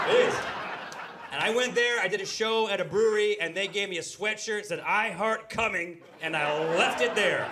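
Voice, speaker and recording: A man's voice: sits high, background noise. A middle-aged man performing stand-up comedy in a brewery, telling stories and acting out the characters in them. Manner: animated storytelling, acting out characters in quoted voices. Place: brewery venue before a live audience.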